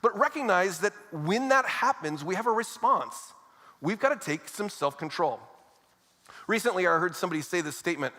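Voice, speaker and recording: Conversational preacher with a high voice in a reverberant hall. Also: male voice, big pitch swings, moderate pace, bright, forceful tone. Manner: conversational preaching with casual asides. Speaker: pastor. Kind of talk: sermon. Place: church auditorium.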